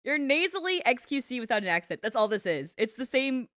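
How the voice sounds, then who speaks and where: A woman's voice: fairly high pitch, very animated, brisk, fairly bright tone, dry recording, studio quality. A woman chatting casually while reacting to a video, rambling, profane and constantly giggling.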